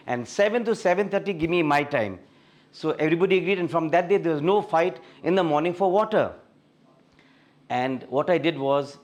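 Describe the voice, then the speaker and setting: A middle-aged Indian man recounts his story before a fellowship group. His voice sits a touch high for a man, and he tells it in a lively storytelling way, with an Indian English accent. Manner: storytelling, animated when reliving scenes. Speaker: guest speaker sharing a testimony. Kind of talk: personal testimony talk.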